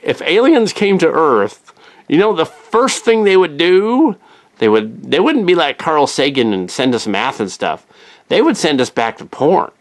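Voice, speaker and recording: A man hosting his own show, rambling through a wry, self-interrupting casual rant to camera in a home studio. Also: mid-range voice. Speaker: show host.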